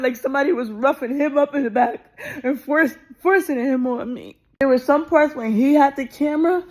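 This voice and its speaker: A woman telling a personal story in a rapid, intense way, restarting often and swearing. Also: high-pitched. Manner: intense and emotional.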